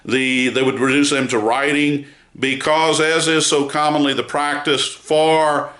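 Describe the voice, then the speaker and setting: Male news commentator, measured and emphatic with many fillers; bright voice in a roomy space. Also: on the high side, little pitch movement. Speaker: news site founder giving a report.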